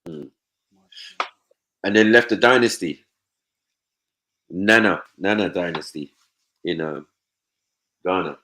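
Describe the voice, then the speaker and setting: Young man, low voice, animated, swears a lot, casual panel chat. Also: slow pace, pauses often. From Nigeria. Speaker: panel host.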